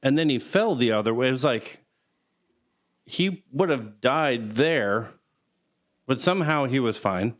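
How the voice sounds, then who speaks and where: A man's voice: mid-range voice, animated, unhurried, pauses often. A man co-hosting a casual movie chat, recounting scenes in a loose, rambling way full of fillers. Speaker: podcast co-host.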